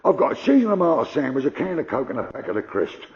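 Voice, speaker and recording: An older man doing gruff, conversational stand-up storytelling. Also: mid-range voice, sing-song, racing, darkish tone, muffled recording. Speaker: stand-up comedian.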